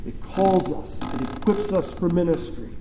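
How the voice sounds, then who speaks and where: Man, pastor, sermon, high voice, slow deliberate delivery, dramatic pauses, roomy church echo. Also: noisy background. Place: church sanctuary. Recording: echoey church with long reverb.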